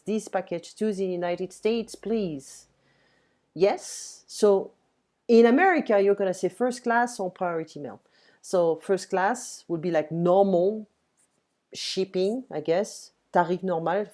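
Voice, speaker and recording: A woman teaching a beginner French lesson online, patiently explaining and reading dialogue lines slowly and clearly. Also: fairly low pitch, warm tone.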